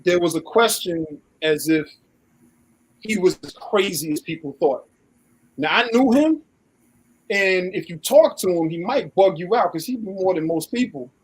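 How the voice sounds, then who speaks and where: A man's voice: high-pitched, animated, normal speed, husky, poor audio. A man co-hosting a live online talk show in casual chat, telling long stories and acting out what others said in a raised voice. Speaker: co-host.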